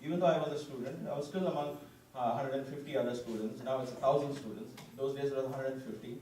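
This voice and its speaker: A man from India, speaking at a devotional gathering, tells an animated personal testimony, often quoting himself and frequently restarting. His voice is mid-range and quick, recorded from far off in an echoey hall with faint room noise.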